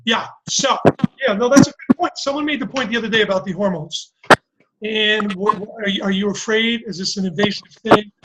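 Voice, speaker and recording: A man giving a casual sales pitch to a group call, telling stories and acting out quotes. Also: a little hiss or hum, poor audio. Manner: animated, storytelling, acts out quotes. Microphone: call microphone.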